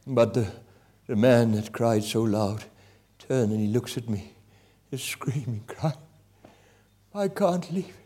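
A man preaching a testimony sermon, impassioned, with swings between loud and hushed delivery. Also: lowish voice, steady tone, a little slow, breathy edge.

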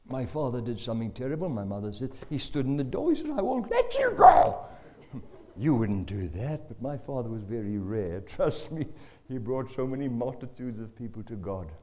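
A man preaching through a personal story, animated, with laughs and asides. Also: medium pitch, moderate pace. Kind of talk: testimony storytelling.

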